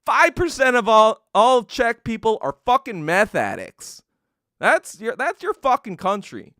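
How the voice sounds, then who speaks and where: A man hosting a podcast, delivering an angry political rant in a profane, contemptuous, rapid-fire tirade. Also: high-pitched, sing-song, pushed and bright, no room sound, studio quality. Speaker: podcast host.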